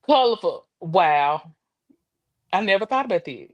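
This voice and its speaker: A woman's voice: lowish voice, expressive, measured pace, no room sound, highs cut off. A forty-year-old woman, a podcast guest in casual chat, laughing often and reacting candidly. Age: 40s.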